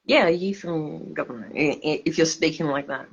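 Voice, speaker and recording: A woman's voice: deep voice, moderate pace, vocal fry, slightly rough, lo-fi sound. A drunk woman, rambling and swearing emphatically on a livestream, stumbling over her words.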